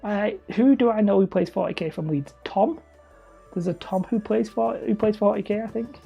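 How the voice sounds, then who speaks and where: A woman's voice: mid-range voice, normal speed, gravelly, husky, highs cut off, faint music behind. A woman with a Wigan-area Lancashire accent, chatting casually and rambling as she builds hobby terrain on a live stream. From Leigh, near Wigan, England. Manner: chatty, self-mocking, rambling. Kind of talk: casual live-stream chat while crafting.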